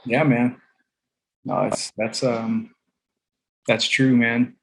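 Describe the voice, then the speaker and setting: A man's voice: medium pitch, flat delivery, drawn-out words, creaky, a bit bright, rough recording. A man co-hosting a casual podcast, talking in a loose, rambling way and swearing casually. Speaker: podcast co-host.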